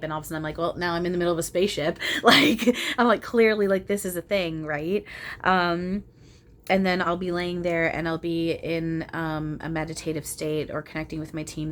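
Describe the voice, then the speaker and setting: A young woman talking casually and earnestly at home about her spiritual experiences, animated, with frequent restarts and bursts of laughter. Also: low voice, slight background noise. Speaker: spiritual channeler and video host. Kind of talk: casual spiritual chat to camera. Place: at home, small room.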